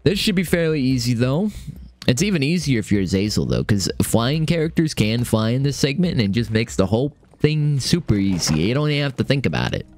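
Excitable young man narrating his gameplay. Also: mid-range voice, fairly quick, soft background music. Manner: excitable, swears, talks to himself. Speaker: gaming streamer. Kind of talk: live let's-play commentary.

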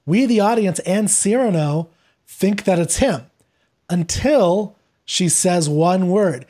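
A man talking as a podcast guest, retelling a play in a lively conversational way and acting out the characters' lines as he goes. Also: high-pitched, slow pace. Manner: animated, acts out quoted lines while retelling. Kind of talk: conversational literary discussion.

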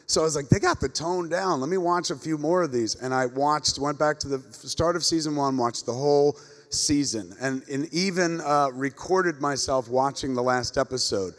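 A middle-aged man tells long, rambling, foul-mouthed stories to a crowd, his voice a little higher than most men's. It rings out with the long echo of a large convention hall. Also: moderate pace. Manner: animated, profane, rambling anecdotes. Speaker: panel moderator. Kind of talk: comedic storytelling to a live audience. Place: comic convention panel stage.

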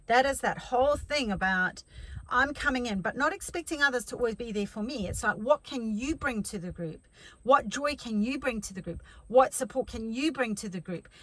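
A woman's voice: fairly high pitch, expressive, normal speed, low-quality recording. A middle-aged woman life coach giving a chatty motivational talk, telling stories with many restarts.

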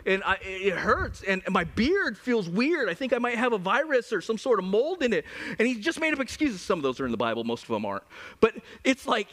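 A man in his forties, a pastor, preaching a humorous sermon with lively stories. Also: high-pitched. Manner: animated, humorous, storytelling. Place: church.

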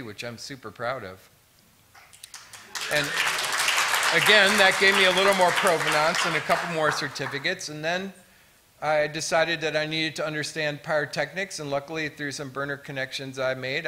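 Bright-voiced man telling stories. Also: medium pitch. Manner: lively storytelling with humor. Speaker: fire artist and pyrotechnician. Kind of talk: symposium talk with stories. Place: museum auditorium.

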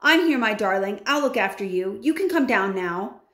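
A woman's voice: mid-range voice, animated, moderate pace, fairly bright tone, natural voice. A woman voicing a protective, caring grandmother in a read-aloud story. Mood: firm, caring. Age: older. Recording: roomy echo.

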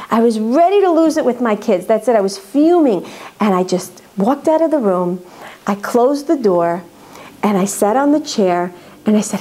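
A woman with a high, bright speaking voice gives a faith lecture to a live audience. She talks earnestly and with emphasis, often repeating a word several times to drive it home. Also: animated, moderate pace. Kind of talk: religious lecture to women.

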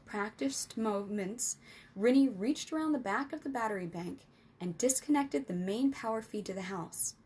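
A woman reading an adventure storybook aloud as the storyteller, with lively, expressive narration. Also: mid-range voice, slight background noise.

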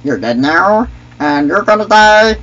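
A man's voice: high-pitched, lively intonation, a little slow, fairly bright tone, highs cut off, a little hiss or hum. A young man voicing a goofy, clumsy male alien sidekick in a squawky, cracked voice with broken grammar, taunting other players. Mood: gloating. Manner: taunting, trash-talking.

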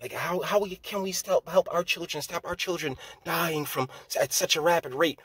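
A man's voice: on the high side, moderate pace, a bit bright, slightly rough, dry recording. A man hosting his own channel, ranting in political commentary with profane, scornful heat.

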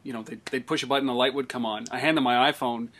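A man's voice: mid-range voice, steady tone, quick pace, a bit bright, a little hiss or hum. A man hosting an interview. He thinks aloud in a hesitant way, with many fillers. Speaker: interviewer, host. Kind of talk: casual interview talk.

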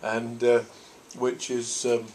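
A man's voice: medium pitch, completely flat delivery, slow pace, a little mellow, a little hiss or hum. An older man from Norfolk, a priest, answers audience questions in a thoughtful, rambling way with frequent restarts. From Norfolk, England. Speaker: priest and convention guest.

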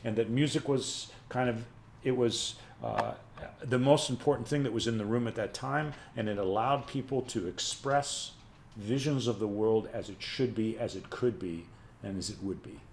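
A man on a video call, a music professor and panelist in a casual webinar discussion, telling animated stories and lecturing. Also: medium pitch, moderate pace, slight background noise.

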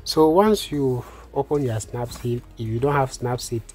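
A man calmly talking through a phone design tutorial step by step, with many fillers. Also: mid-range voice, moderate pace, soft background music. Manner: calm step-by-step instructions with frequent fillers. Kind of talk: screen-recorded software tutorial.

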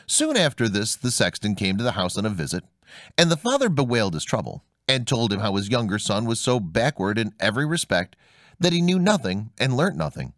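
A man reading a fairy tale aloud in a measured, expressive way as storyteller. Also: lowish voice, no room sound, clean studio sound. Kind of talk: scripted fairy-tale narration.

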